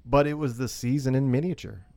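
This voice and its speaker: A man cohosting a podcast, teasing his partner with deadpan jokes. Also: medium pitch, brisk, no echo. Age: 30s or 40s. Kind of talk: casual podcast chat.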